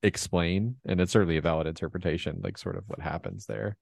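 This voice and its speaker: A man's voice: sits low, fast, gravelly, darkish tone, no room sound. A man co-hosting a podcast, talking about films in a rambling, casual way with lots of fillers and easy laughs. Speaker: podcast co-host. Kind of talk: casual film discussion.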